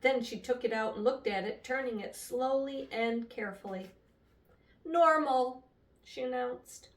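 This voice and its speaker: Grandmother reader, higher voice, lively telling, roomy and distant sound. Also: moderate pace. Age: older. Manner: expressive, lively storytelling. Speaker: storybook reader. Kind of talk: reading a children's book aloud. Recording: echoey room, voice from a distance.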